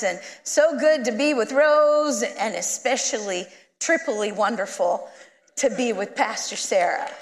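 Woman preaching in a reverberant church. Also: a little high. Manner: lively, conversational, acts out quoted people. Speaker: guest minister. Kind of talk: sermon storytelling. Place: church sanctuary.

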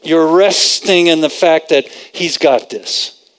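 A man's voice: a little high, slow pace, fairly bright tone, clear, resonant tone. A man preaching a conversational sermon, repeating phrases for emphasis and quoting scripture.

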